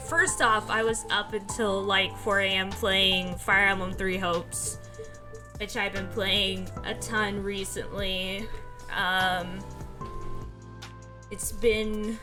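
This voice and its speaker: A woman's voice: mid-range voice, pushed and bright. A sleepy woman streamer chatting casually, rambling along and laughing often while she yawns. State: sleepy, yawning. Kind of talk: casual livestream chat.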